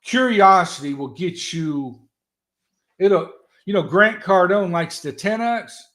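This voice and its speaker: A man telling stories as a guest in an animated, folksy, loud way. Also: high voice, slow pace. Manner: animated, folksy storyteller who talks loud. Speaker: guest, political strategist. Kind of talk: casual motivational talk.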